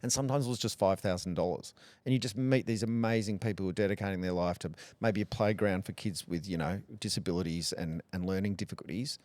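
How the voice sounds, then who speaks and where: A middle-aged Australian man talking candidly in a relaxed interview, joking and rambling through stories. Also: low-pitched, quick pace, no echo. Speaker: podcast guest, radio personality.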